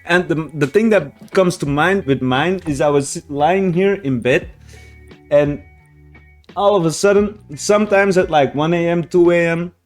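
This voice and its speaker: A man hosting a reaction channel, telling a story to viewers in a rambling way, swearing often and restarting sentences. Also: a little high.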